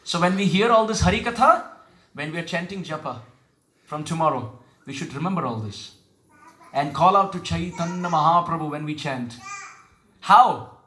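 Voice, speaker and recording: Male preacher with a high, bright voice; asks listeners questions, intones verses slowly; echoey hall. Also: animated, a little hiss or hum. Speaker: spiritual teacher. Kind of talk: devotional sermon with call and response.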